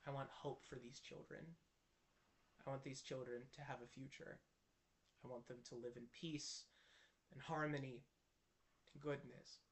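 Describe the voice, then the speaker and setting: A man voicing a gentle, hopeful old king in a soft, hushed voice. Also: mid-range voice, fairly even intonation, a little slow. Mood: tender.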